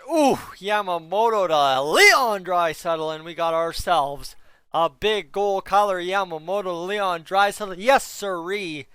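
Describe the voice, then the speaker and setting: A man streams his own live play-by-play of a hockey game, jumping into shouts whenever something big happens and calling out to his viewers by name. His voice sits high and comes through smooth and clean. The sound is close and dry, with no room behind it. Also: dry recording. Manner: excitable, shouts at big moments, talks to chat by name. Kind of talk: excited live play-by-play reaction.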